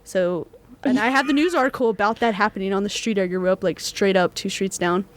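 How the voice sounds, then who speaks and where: A woman's voice: medium pitch, a little fast. A young woman, co-hosting a student podcast and telling a ghost story in casual chat, full of fillers. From Texas. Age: young adult. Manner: animated storyteller, many fillers, acts out quoted voices.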